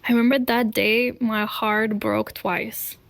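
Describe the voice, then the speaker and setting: A woman speaks in a slightly high voice and tells her own story as a confessional. She talks slowly and deliberately, setting each short phrase apart. Her voice has a gravelly fry, and the recording is dry and close. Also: little pitch movement, dry recording. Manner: earnest, deliberate, pausing between short phrases.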